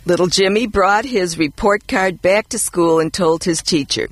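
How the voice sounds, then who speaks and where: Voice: mid-range voice, moderate pace, hardly any pauses, no echo. A co-host reading mock ads and jokes aloud, with playful emphasis. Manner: lively, expressive read with playful emphasis.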